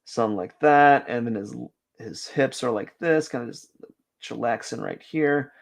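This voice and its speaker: A man's voice: medium pitch, normal speed, gravelly. A young man chatting casually on a drawing live stream, rambling with lots of fillers and restarts. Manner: rambling, self-deprecating, many fillers and restarts.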